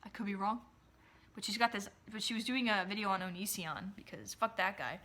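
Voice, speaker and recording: Talking candidly into her phone at home, a young adult vlogger rambles, curses freely, and frequently starts sentences over. Her mid-range voice is bright and forceful, and she speaks fairly quickly.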